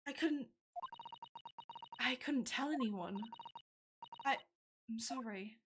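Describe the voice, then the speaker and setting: A woman's voice: fairly high pitch, slow, background noise. A woman reading aloud as a nervous young female suspect, stammering and hesitant.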